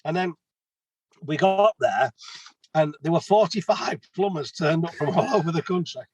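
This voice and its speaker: A man's voice: a little high, moderate pace, lo-fi sound, noisy background. Chatty plumber in his fifties. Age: 50s. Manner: chatty storyteller, many restarts. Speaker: guest, plumber. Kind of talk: casual podcast interview.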